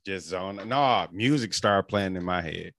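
A man's voice: deep voice, a little slow, a bit bright, slight background noise. A man in casual podcast chat, laid-back and joking.

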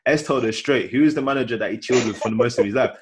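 A man hosting a casual football chat, relaxed, asking questions and laughing often. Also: medium pitch, rapid-fire, breathy edge.

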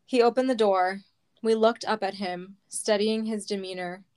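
A woman reading her own personal memoir aloud, slow and heavy, close to tears. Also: mid-range voice, steady tone, darkish tone, smooth. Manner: slow, heavy, measured storytelling.

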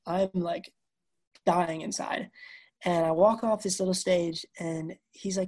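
Husky twenty-something woman on a video call, acts out all the dialogue, lots of dude and bro. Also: fairly low pitch, fairly even intonation, moderate pace, a little mellow. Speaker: guest musician. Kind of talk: casual storytelling interview.

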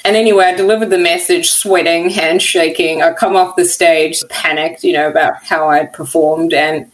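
Low-voiced earnest woman researcher. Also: fairly even intonation, normal speed, low-quality recording. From not from America. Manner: earnest, heartfelt, many "you know" fillers. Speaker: guest, workplace equality researcher. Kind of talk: candid storytelling interview.

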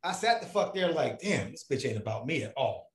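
A man's voice: fairly high pitch, very animated, a little fast, roomy sound. A man as a podcast guest, telling a long story in a casual, profane way and acting out other people's voices.

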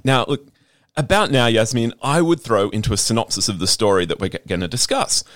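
A man's voice: medium pitch, fairly quick, a bit bright, dry recording, studio quality. An Australian man hosting an interview over a video call, enthusiastic and restarting often. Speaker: podcast host. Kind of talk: interview host.

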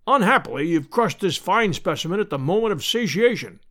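A booming old professor who lectures with pompous, pedantic relish, as a male narrator puts him on. His voice rides high and swings widely through each grand sentence. He belongs to a classic adventure audiobook. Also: expressive, fairly quick, a bit bright. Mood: pompous lecturing.

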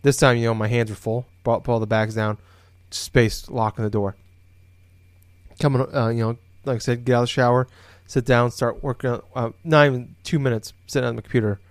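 A man's voice: medium pitch, steady tone, fairly quick, no echo. A man co-hosting a podcast, telling a long story casually from his home office, rambling with many fillers and restarts. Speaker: podcast co-host.

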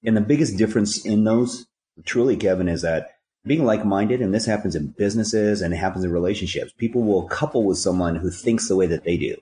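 Telling stories as a podcast guest, this man dispenses earnest, somewhat preachy life advice peppered with rhyming catchphrases. His dark, fairly low voice runs a little fast, and the sound is roomy.

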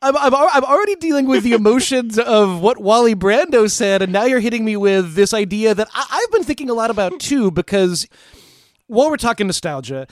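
A man co-hosting a podcast, talking in an animated, rambling way. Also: sits high, fairly quick, dry recording, clean studio sound. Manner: animated, mock-emotional, rambling. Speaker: podcast co-host. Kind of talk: casual podcast discussion.

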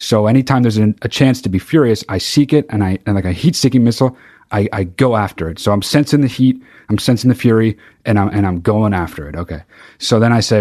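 A man's voice: mid-range voice, lively intonation, fast talker, darkish tone. A man hosting a solo podcast, ranting in a heated, profane way and often restarting his sentences. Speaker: podcast host. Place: very hot recording space.

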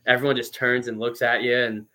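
A man in his twenties, a former pro baseball player, telling stories as a guest in a casual interview, chatty and lively with lots of fillers. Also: mid-range voice, a little fast.

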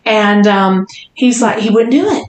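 A woman's voice: medium pitch, animated, measured pace, over a noisy crowd. A woman on a casual podcast, telling a long story and acting out the other people's lines. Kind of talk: casual chat. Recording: roomy echo.

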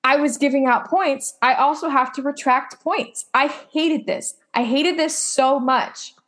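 A woman with a fairly high voice co-hosts a laid-back recap podcast. She talks emphatically and bluntly and swears freely. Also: a little slow, a bit bright. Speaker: podcast co-host. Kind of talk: casual chat recapping a TV episode.

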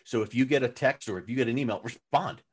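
A man being interviewed as a business coach, talking loosely and animatedly, slipping into acted-out voices with big jumps in pitch. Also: fast, husky. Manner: loose and chatty with fillers. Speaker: guest, authority positioning coach. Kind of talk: conversational podcast interview.

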